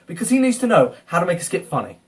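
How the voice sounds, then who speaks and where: A man's voice: high voice, very animated, rapid-fire, recorded from a distance. A man ranting through a reaction commentary, exasperated, swearing and repeatedly calling someone an idiot. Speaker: video reactor.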